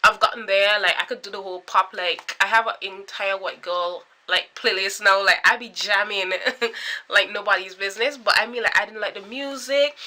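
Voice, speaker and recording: A young woman in her twenties with a Caribbean accent, chatting to camera in an animated, storytelling way. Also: mid-range voice. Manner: animated, chatty, full of filler likes and dramatic quoted reactions. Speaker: vlogger.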